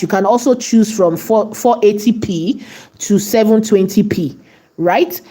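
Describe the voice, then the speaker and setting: A woman's voice: medium pitch, mellow. A woman hosting a live tutorial, chatting to her viewers as she walks through steps and often checking in with "right?". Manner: chatty, often asks "right?" and talks to the chat. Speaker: AI video tutorial host.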